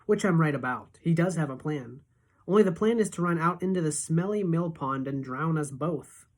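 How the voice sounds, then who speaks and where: A teacher reading a novel aloud in steady, expressive first-person narration. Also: female voice, sits low, normal speed.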